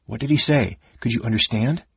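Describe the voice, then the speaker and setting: A man voicing a blunt, worried warrior general with a gruff, low manner. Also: fairly quick, a bit bright, no room sound, highs cut off, heavily acted. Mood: demanding.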